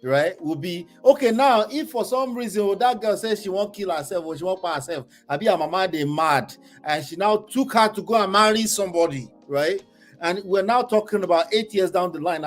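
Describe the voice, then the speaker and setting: A middle-aged man hosts a heated panel debate in a high voice. He is openly emotional and presses the same question again and again. Faint music sits behind him. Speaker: host.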